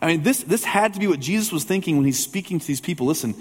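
A man's voice: high-pitched, lively intonation, fast talker, husky. A male pastor preaching a sermon in a church, telling a personal story in a conversational way with humorous asides. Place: church sanctuary with a congregation. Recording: long hall reverb.

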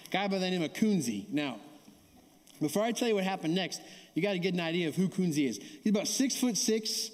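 High-voiced pastor in a reverberant church. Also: male voice. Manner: conversational, keeps asking the audience "right?"; calls for audience response. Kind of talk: sermon with storytelling. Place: church sanctuary. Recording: long hall reverb.

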